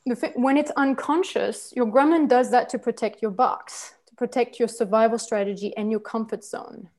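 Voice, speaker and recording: A woman leads a personal-growth workshop, teaching earnestly while searching for words, with fillers and restarts. Her voice is on the high side with a darkish tone, at a normal speed.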